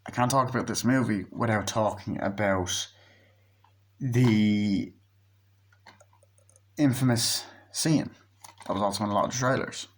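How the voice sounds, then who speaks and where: A man's voice: fairly low pitch, a little slow, long pauses. Rambling, cursing young male movie reviewer. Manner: rambling, swears freely, acts out scenes. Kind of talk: casual spoken movie review.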